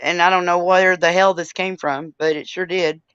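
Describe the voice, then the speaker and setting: A woman's voice: fairly low pitch, steady tone, normal speed, fairly bright tone, clean tone, dry recording. A woman hosting a casual livestream chat, talking bluntly with plenty of swearing and easy laughter. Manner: blunt, profane, laughs easily. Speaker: livestream host. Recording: dull dry lo-fi stream audio.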